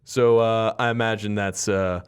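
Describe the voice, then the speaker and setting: A man's voice: on the low side, steady tone, measured pace, smooth, natural voice. A man voicing a cocky young male punk ghost who talks in slang and nervous, wheedling hedges. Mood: smug.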